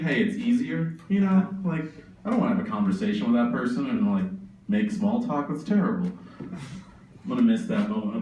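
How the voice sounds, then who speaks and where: A man's voice: a little high, slight background noise. Sardonic young man on a distant echoey mic. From suburban Massachusetts. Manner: sardonic, profane, rambling riffs. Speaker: stand-up comedian. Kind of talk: stand-up comedy set. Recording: very echoey room, distant mic, faint ambience.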